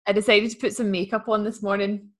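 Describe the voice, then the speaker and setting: A young woman co-hosting a podcast over a video call, talking in a playful, animated way and laughing while she speaks. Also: mid-range voice, fast. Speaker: podcast co-host. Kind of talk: casual chat.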